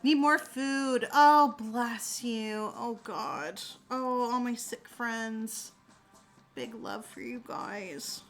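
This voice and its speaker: A woman's voice: on the high side, extremely slow, soft background music. A woman streamer chatting casually with her viewers, telling stories animatedly and laughing often. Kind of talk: casual chat.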